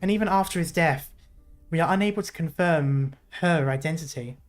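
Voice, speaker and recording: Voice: mid-range voice, moderate pace, faint music behind, close to an everyday voice. A streamer voicing a cautious court advisor and spymaster, reading in a careful, formal, deferential way with a put-on British accent. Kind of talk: reading a game story aloud.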